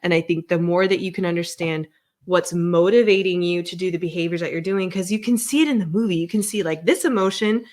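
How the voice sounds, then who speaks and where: Woman, therapist, podcast host, animated, explanatory casual chat. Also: fairly low pitch. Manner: animated, explains with examples, quick laughs.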